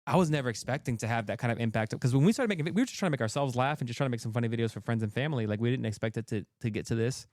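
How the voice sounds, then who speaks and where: A man's voice: mid-range voice, a little mellow, no echo, studio quality. A man, a content creator guest, talking earnestly in a casual interview with many restarts. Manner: quick, earnest, full of restarts.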